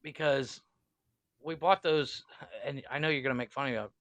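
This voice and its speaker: A man's voice: mid-range voice, fairly even intonation, normal speed, fairly bright tone, dry recording. A young man from Ohio, co-hosting a podcast in casual, profane, joking banter and laughing often. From Ohio, USA. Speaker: podcast co-host.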